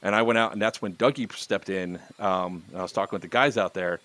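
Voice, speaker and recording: A man's voice: sits low, fairly quick, a bit bright. Man telling a story, swearing casually. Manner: storytelling with profanity and laughs. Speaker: podcast host. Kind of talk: casual podcast chat.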